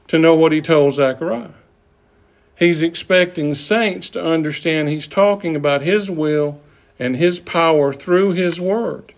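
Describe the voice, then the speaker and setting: Slow, deliberate Bible teacher, a man. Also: on the high side. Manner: slow, deliberate, with pauses and fillers. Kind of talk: Bible study lesson.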